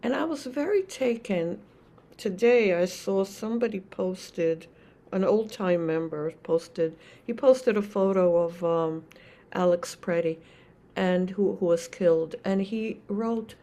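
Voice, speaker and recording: An older woman, a Zen teacher, giving a reflective dharma talk with many pauses and restarts. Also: fairly low pitch, gravelly, dark tone.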